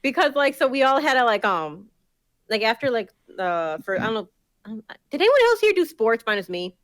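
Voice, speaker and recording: A woman's voice: a little high, very animated, a little fast, a bit bright, no room sound. A young woman in casual chat as a podcast co-host, telling a story full of swearing and acting out the people she quotes.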